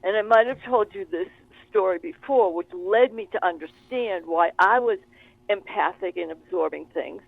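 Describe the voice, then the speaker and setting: Animated woman on a tinny phone line. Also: medium pitch, normal speed, vocal fry, no room sound. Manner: animated, expressive storytelling. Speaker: guest. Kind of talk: interview conversation.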